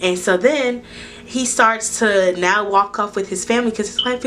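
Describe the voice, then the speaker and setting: A woman telling a storytime to her camera in a casual, animated, profane way, acting out the people in it. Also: medium pitch, moderate pace, a little hiss or hum. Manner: animated, profane retelling that acts out dialogue. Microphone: camera recording to SD card.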